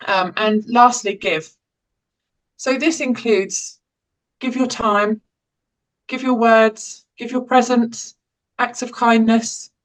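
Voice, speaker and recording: A woman's voice: a little high, steady tone, slow pace, long pauses, poor audio. A woman in her forties from England with an English accent, an educational psychologist giving an informal, conversational talk on well-being, with frequent restarts and light laughs. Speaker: educational psychologist and parent caregiver.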